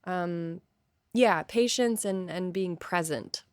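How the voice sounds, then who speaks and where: A woman interviewee talking candidly, thoughtful and hesitant, pausing often as she searches for words. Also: lowish voice, a little mellow, no echo. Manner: thoughtful and hesitant, with many pauses and fillers. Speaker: guest.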